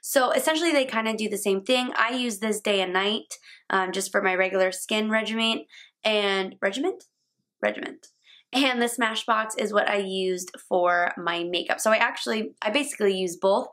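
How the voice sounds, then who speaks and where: A woman's voice: medium pitch, moderate pace, fairly bright tone. Chatty young woman talking through makeup. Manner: chatty, casual, laughs at own slips. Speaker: beauty vlogger. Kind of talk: makeup tutorial talk-through. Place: home, indoors.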